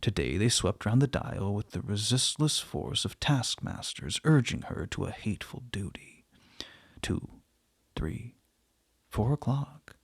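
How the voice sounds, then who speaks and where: A man reading a short story aloud in a gentle, unhurried way, voicing the dialogue softly. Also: fairly low pitch, lively intonation, gravelly, slightly rough, no echo, in a whisper. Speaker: narrator.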